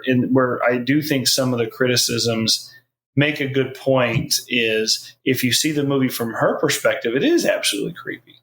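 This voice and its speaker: A man's voice: medium pitch, fairly bright tone, low-quality recording. Male podcast guest, mid-range voice, thoughtful casual film talk. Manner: thoughtful, restarts mid-sentence.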